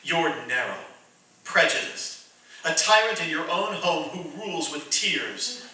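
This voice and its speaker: A man's voice: on the high side, very animated, measured pace, pushed and bright, full character voice. A man in a radio play voicing Goodwill, a small boy spirit who lectures people in an earnest tone. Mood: stern preaching. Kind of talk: amateur radio drama acting. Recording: roomy echo, distant mic.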